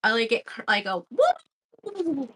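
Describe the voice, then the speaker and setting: A woman chatting casually while sewing, lively and quick to agree. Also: fairly high pitch. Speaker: guest sewist.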